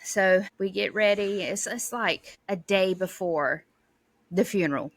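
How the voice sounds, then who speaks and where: A woman, co-hosting a podcast and telling a family story in a lively, laughing way. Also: mid-range voice, a little slow, no echo. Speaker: podcast co-host. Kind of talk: casual storytelling.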